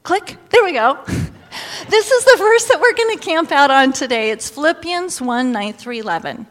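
Animated woman preaching in echoing hall. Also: high voice, normal speed. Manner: animated storytelling, exclaiming and laughing. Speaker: pastor's wife or preacher. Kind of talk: sermon with personal story. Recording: long hall reverb.

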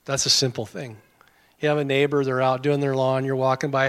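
A man's voice: medium pitch, little pitch movement, fairly quick, a bit bright, smooth. A man preaching a sermon as pastor, folksy and conversational with self-deprecating humor. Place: church sanctuary. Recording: long hall reverb.

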